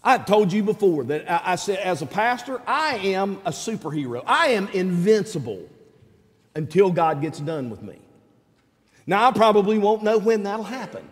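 Man, middle-aged, pastor, sermon, folksy, high voice, long hall reverb. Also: moderate pace. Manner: folksy, animated preaching with rising shouts.

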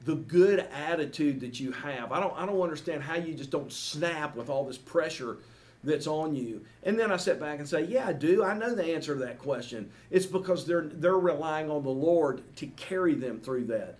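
Man, pastor, sermon, earnest, emphatic, fairly high-pitched voice. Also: normal speed, darkish tone. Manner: earnest, emphatic preaching with repeated rhetorical questions. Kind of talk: sermon with closing prayer.

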